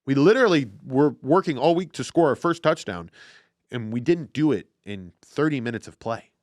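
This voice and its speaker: A man hosting a casual football podcast, talking in an excitable, profane, animated way. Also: mid-range voice, normal speed, no echo, studio quality. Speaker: podcast host. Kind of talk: casual sports chat.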